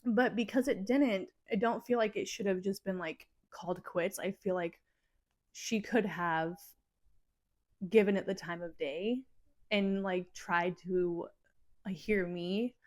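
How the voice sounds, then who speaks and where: A woman's voice: medium pitch, steady tone, a little slow. A woman in her thirties hosting a solo podcast, talking in a rambling, emotionally charged way, full of "like" fillers. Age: 30s. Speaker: podcast host. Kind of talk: casual solo podcast monologue.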